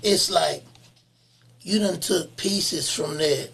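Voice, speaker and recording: A man hosting a casual podcast interview, speaking with a gravelly voice and giving affirming replies. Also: a little high, slow, a bit bright. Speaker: podcast host.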